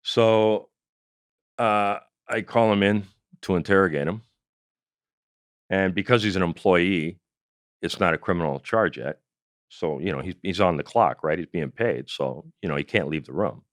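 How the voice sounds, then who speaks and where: A man's voice: low voice, moderate pace, long pauses, no room sound, clean studio sound. A middle-aged man from Canada, a comedian telling a profane story in an interview and acting out quotes. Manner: animated, profane anecdotal storytelling with acted-out quotes. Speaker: comedian and former investigator, guest.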